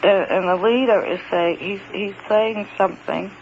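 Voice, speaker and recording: In a high voice with fairly even intonation, a man recounts an encounter in the first person, hesitating, halting, and repeating words before growing emphatic about his points. The recording is dull and lo-fi with faint hiss underneath.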